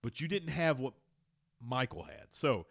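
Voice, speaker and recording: A man co-hosting a casual sports podcast, swearing freely and telling stories with lively quoted voices. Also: mid-range voice, a little slow, vocal fry. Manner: profane, animated storytelling. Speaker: podcast co-host.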